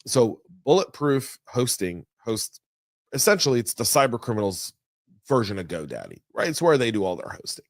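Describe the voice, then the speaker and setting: A man runs through the day's news as a podcast host, chatty and energetic with folksy asides. His voice sits at a middle pitch. It is recorded close and dry on a studio mic. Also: moderate pace, no echo. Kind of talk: casual news commentary.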